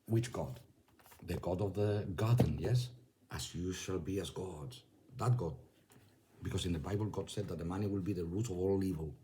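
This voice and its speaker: A man with a low, dark-toned voice giving loose, conversational religious commentary. He keeps checking in with his listener as he goes. He reads news lines and scripture aloud between his own remarks. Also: a little fast, a little hiss or hum. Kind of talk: casual religious commentary to camera.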